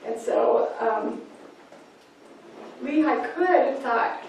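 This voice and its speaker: A woman giving a parenting workshop talk, lively and acting out little scenes as she teaches. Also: fairly high pitch, extremely slow, gravelly, long pauses, slight background noise. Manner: lively, acts out scenes in voices. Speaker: parenting class speaker. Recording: echoey room, mic far off.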